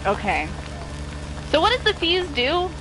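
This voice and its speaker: A woman giving live gaming commentary while playing with friends, excitable and panicky, laughing often. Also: very high-pitched, a little slow, background noise. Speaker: gamer streaming with friends.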